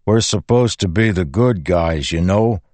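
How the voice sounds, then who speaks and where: A man's voice: low-pitched, a little slow, a little mellow, dry recording. A man voicing an idealistic young male soldier in a raised, earnest delivery.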